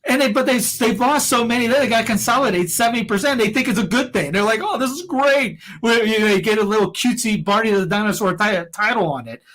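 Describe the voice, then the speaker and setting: A fast-talking podcast co-host with a high, slightly bright voice barely pauses. He gives his opinions casually but heatedly, rambling along with many restarts and fillers.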